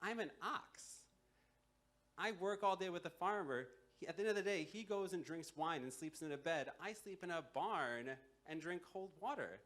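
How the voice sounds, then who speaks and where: A man's voice: high voice, animated, moderate pace, fairly bright tone, voice pushed up. A man voicing a weary old male ox acting as judge, indignant and sarcastic.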